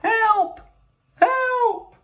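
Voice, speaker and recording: A man voicing a panicky small zoo animal in a storybook, squeaking frantically. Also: animated, takes it slowly, darkish tone, full character voice. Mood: panicked.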